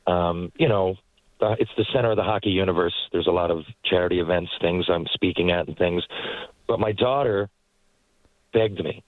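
A man, a guest telling rambling, animated anecdotes from his parked car. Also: low voice, moderate pace, no room sound, low-quality recording. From Newfoundland, Canada. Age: 40s. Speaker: guest, former hockey player and actor. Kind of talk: casual storytelling interview.

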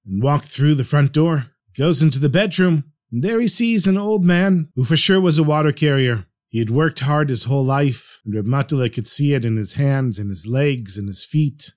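A man narrating a traditional story for a podcast in an earnest, lively way. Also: on the high side.

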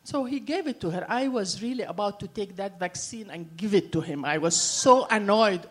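A Palestinian woman with an Arabic accent, telling a story to a live audience and playing every part herself. Her voice sits a touch high for a woman, and she talks in a lively way, full of "you know" fillers. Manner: animated, acts out the dialogue, frequent fillers.

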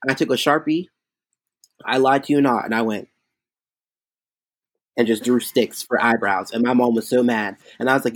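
A man who performs as a drag queen, telling chatty, animated stories in a casual interview, with lots of fillers. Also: medium pitch, normal speed, long pauses, no room sound.

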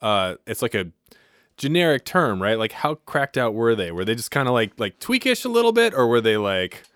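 A man's voice: mid-range voice, big pitch swings, a little fast, a bit bright, dry recording, clean studio sound. A man hosting a casual chat, loose and conversational, with lots of fillers. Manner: casual, heavy use of filler "like". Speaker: host.

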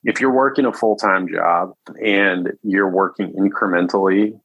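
A man's voice: low-pitched, measured pace, a bit bright, husky, no echo, dull audio. A man speaking as a guest on a casual podcast from his home study, easygoing and rambling, chuckling often.

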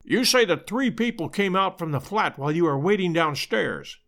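A man reading aloud and voicing a calm, shrewd detective who speaks in a measured, precise way. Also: high-pitched. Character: calm, shrewd male detective, middle-aged, dry.

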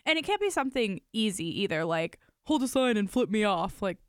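A woman co-hosting a casual chat, talking fast and loose with lots of "like" and swearing. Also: mid-range voice, big pitch swings, clean tone, dry recording, clean studio sound. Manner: chatty, reactive, heavy use of "like", swears.

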